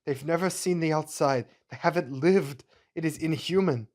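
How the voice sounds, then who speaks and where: A man voicing a caring, worried mother who speaks gently to a child and stands up to a villain. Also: a little high, normal speed, pitched above the performer's own voice, lightly acted. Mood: defiant.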